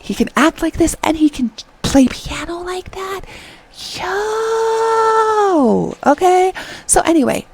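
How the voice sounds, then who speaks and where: Gravelly husky-voiced middle-aged woman reviewer. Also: mid-range voice, poor audio. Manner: chatty, retells scenes and quotes characters. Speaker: drama reviewer. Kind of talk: casual review chat.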